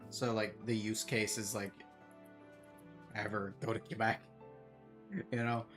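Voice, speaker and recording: A man's voice: lowish voice, level tone, a little slow, fairly bright tone, soft background music. A man streaming a game, chatting in a rambling, self-deprecating way and laughing often. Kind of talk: casual chat while gaming.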